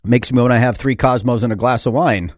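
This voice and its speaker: A man's voice: medium pitch, fairly even intonation, a little fast, no echo. A man who sits on a school board, giving a sarcastic opinion monologue full of rhetorical questions. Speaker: school board member and commentator.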